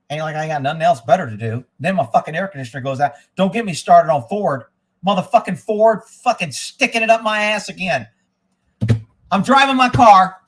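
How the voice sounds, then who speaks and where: A man's voice: high voice, a bit bright, breathy edge. A middle-aged man ranting on a live stream, telling a story in a profane, exasperated way. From Texas.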